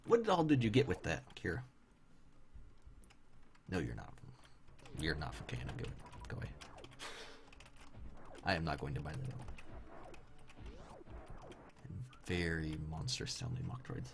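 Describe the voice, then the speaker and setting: A man's voice: very deep voice, huge pitch swings, measured pace, vocal fry, pauses often, background noise. A tired young man chatting wryly with viewers while streaming a game. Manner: chatty, wry, talks to chat viewers. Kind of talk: casual live-stream commentary while playing. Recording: faint background game music.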